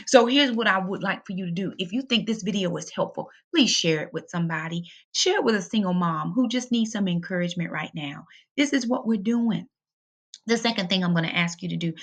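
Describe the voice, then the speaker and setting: A middle-aged woman talks straight to camera in a casual vlog. Her voice sits at an ordinary pitch with a gravelly, fried edge, and her delivery is chatty and emphatic, preachy yet encouraging. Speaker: budgeting vlogger, single mom.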